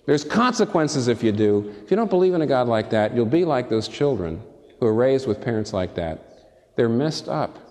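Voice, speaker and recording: Impassioned preacher in a reverberant hall. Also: male voice, lively intonation, brisk. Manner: impassioned, swinging from high emphatic peaks to soft low asides; addresses listeners directly with rhetorical questions. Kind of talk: sermon. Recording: long reverb from a large hall.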